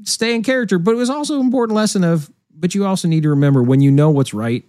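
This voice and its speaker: A man hosts a loose, talky news chat and slips into the voices of people in his stories. His voice sits a little high and moves a lot. The sound is dry and close. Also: racing, no room sound. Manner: animated storyteller, acts out quoted voices. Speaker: podcast host. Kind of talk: casual chat.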